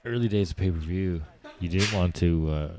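Male podcast co-host, very deep, relaxed drawl. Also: normal speed, background noise. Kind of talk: casual chat.

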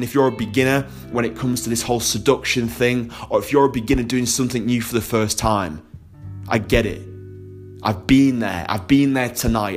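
A young man, a dating coach, telling a personal story in a casual vlog, candid and heavily profane, laughing often. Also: mid-range voice.

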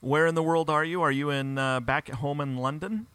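A man's voice: a little high, steady tone, a little fast, a bit bright, clear, resonant tone, no room sound. A man co-hosting a casual running podcast, reading sponsor spots and laughing easily. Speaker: podcast co-host.

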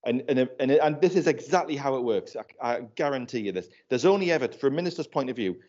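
A man's voice: medium pitch, lively intonation, fast talker, darkish tone. A man in a casual panel chat, talking loosely and laughing while he tells anecdotes. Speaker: panel guest. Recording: dull lo-fi sound.

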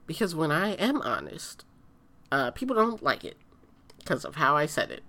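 A woman's voice: low voice, sing-song, moderate pace, sharp tone. A woman in a casual ranting monologue, blunt and emphatic, who repeats her points and swears freely.

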